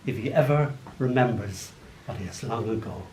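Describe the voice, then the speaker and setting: With a lowish voice at a moderate pace, a man in his sixties with an Irish accent tells playful stories between poems at a live poetry reading. His animated comic asides are delivered before an audience in an arts venue hall, which sounds roomy with faint background noise.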